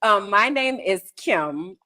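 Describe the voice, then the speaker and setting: A woman co-hosting a casual podcast, talking in an animated, playful way and stretching words for emphasis. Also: medium pitch, takes it slowly. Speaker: podcast co-host.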